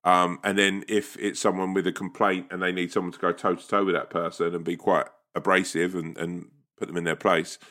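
A man's voice: sits low, little pitch movement, fairly quick, few pauses, fairly bright tone. A man in casual podcast banter, swearing freely and acting out little voices in his stories.

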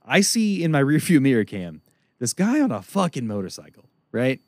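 A man telling a long story as a podcast co-host, profane and animated, laughing often. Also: medium pitch, normal speed, dry recording, studio quality. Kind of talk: casual storytelling chat.

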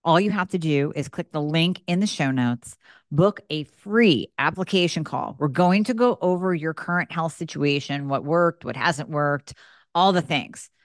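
A woman's voice: normal speed, no room sound, studio quality, close to an everyday voice. A woman, the show's host, reading a persuasive, reassuring scripted ad for her practice. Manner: persuasive, reassuring sales pitch. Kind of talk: scripted ad read.

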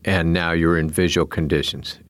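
A man hosting an aviation podcast, speaking in a measured way and explaining points clearly for listeners. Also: deep voice, flat delivery, dry recording, clean studio sound. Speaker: podcast host. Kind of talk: interview hosting.

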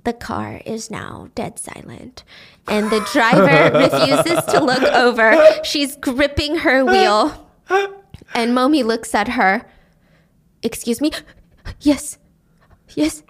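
A woman's voice: a little high, very animated, takes it slowly. A woman casually recapping a drama's plot, telling it with animation and briefly voicing its characters.

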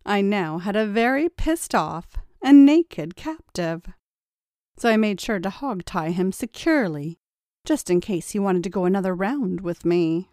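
A woman's voice: medium pitch, animated, a little slow, mellow, dry recording. A woman reads a first-person story aloud, teasing and taunting as she goes. Her voice sits in a middle range. The recording is very dry, with no room sound. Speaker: story narrator.

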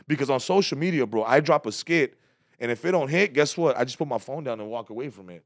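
A man telling a stand-up comedy story in a casual podcast interview, slangy and animated, acting out other people's quotes. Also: mid-range voice, quick pace, no echo, clean studio sound. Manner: animated, slangy, acts out quotes with big loud jumps. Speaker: comedian guest.

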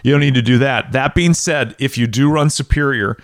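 A man's voice: medium pitch, brisk, no room sound. A middle-aged man hosting a podcast in casual, joking chat, rambling and swearing casually. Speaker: podcast host.

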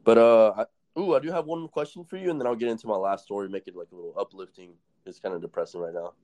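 A man's voice: lowish voice, quick pace, mellow. A young man hosting a casual chat, telling stories in a rambling, profane way and laughing often. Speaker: podcast host.

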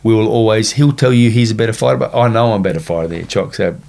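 A man's voice: fairly low pitch, fast, creaky, a little mellow. A middle-aged Australian man, a former boxer, chatting as a podcast guest, blunt and swearing freely as he tells stories. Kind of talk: casual podcast chat.

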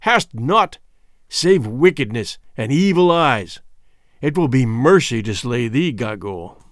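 A man voicing a stern, commanding king in an audiobook, with measured, grave pronouncements. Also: medium pitch, sing-song, fairly bright tone, no echo, clean studio sound, pitched below the performer's own voice. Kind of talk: audiobook character voice.

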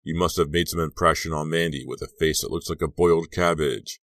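Male narrator voicing a teen joker, needling and brash, very deep read, dry booth sound. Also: fairly even intonation, fairly quick, a bit bright, no echo. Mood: teasing. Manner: teasing, needling jokes. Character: wisecracking teenage boy friend, teasing and brash. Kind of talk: audiobook character reading.

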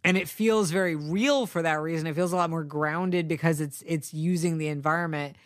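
A man's voice: a little high, steady tone, brisk, no room sound, studio quality. A man co-hosting a podcast, chatting casually and digressively about a film, swearing now and then. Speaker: podcast co-host.

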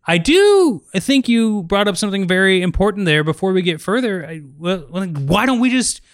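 Man co-host, smooth voice, dry close sound, jokey segue-driven banter. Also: sits high, very animated, moderate pace, dry recording. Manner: jokey, hosting segues, chuckles often. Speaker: podcast co-host. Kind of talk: comedic casual chat.

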